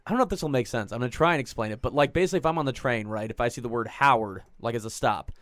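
A man guesting on a podcast, rambling in a chatty, self-deprecating way. His voice is smooth and his talk is quick, caught dry and close on the mic. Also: mid-range voice, fairly bright tone, no room sound. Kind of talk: casual podcast chat.

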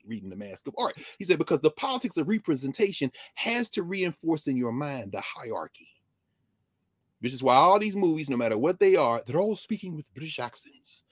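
A man talking in an animated, digressive way in a conversation, often jumping up and down in pitch. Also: no room sound. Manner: lively, digressive, quick shifts between high and low pitch. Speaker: guest.

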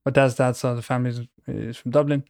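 A man's voice: medium pitch, fairly even intonation, fast talker, gravelly, darkish tone, no echo, studio quality. A man co-hosting a casual chat, talking in a playful, rambling way and painting vivid pictures with his words. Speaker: podcast co-host.

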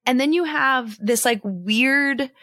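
A woman's voice: sits high, slow, bright, forceful tone, no room sound, studio quality. A woman co-hosting a podcast, chatting casually about a movie with many "like" fillers and playful mockery. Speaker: podcast co-host. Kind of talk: casual chat reviewing a movie.

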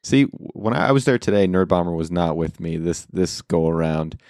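Animated man co-hosting a podcast. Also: deep voice, a little fast, no echo, studio quality. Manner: animated, joking, playful. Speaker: podcast co-host. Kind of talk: casual chat.

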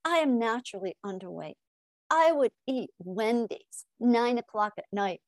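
An animated middle-aged woman with a fairly high voice, speaking as a guest on a podcast interview. She tells her stories with energy, acts out the dialogue herself and tags her points with a quick "right?". The recording is dry and close, with no room sound. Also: no echo. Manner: animated storyteller acting out dialogue, frequent "right?". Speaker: hypnotist guest.

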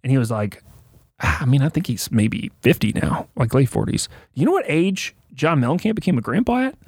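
This is a man chatting on a podcast, his pitch leaping around as he spins a music anecdote. He trips over his words and restarts often, and the sound is close and dry. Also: brisk, slightly rough, no echo. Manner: animated storyteller, fillers and restarts. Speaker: guest music expert. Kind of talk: casual podcast chat.

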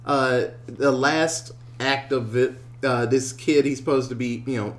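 A man's voice: mid-range voice, steady tone, measured pace. A man casually retelling a movie plot in a podcast chat, rambling with lots of filler words. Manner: rambling storyteller, many "uh"s.

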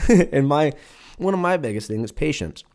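A man in his twenties with a fairly high, expressive, slightly mellow voice talks at normal speed. He hosts a solo podcast, ranting casually into a mic at his computer, rambling and profane, mocking himself and laughing often.

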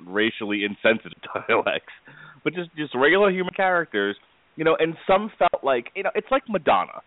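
A low-pitched man chats loosely about films as a podcast host, rambling through his points with fillers and laughs. The sound is thin and phone-like, very dry and close. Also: no echo. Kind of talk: casual movie chat.

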